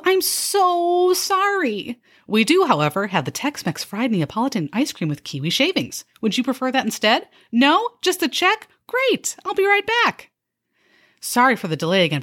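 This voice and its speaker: A woman's voice: fairly high pitch, pitched above the performer's own voice. A woman doing a sarcastic bubbly waitress. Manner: bubbly upselling patter with deadpan jabs. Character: chirpy, sarcastic young female restaurant server. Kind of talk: comedy skit.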